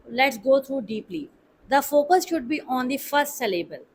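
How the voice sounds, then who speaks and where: A woman's voice: high-pitched, expressive, normal speed, low-quality recording. A woman teaching pronunciation, drilling words one at a time and repeating each syllable. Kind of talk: slow, deliberate pronunciation lesson.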